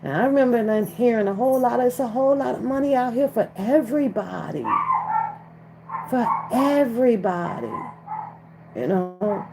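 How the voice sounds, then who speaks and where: A woman's voice: a little high, normal speed, creaky, background noise. A woman chatting casually on a live stream from her phone, talking straight to the viewers in chat. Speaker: livestream commentator.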